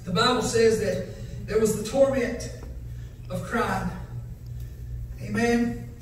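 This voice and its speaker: A male evangelist preaching a fiery revival sermon, building to shouted, sing-song chanting. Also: high voice, slow pace, noisy background. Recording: echoey church hall from far off, faint music.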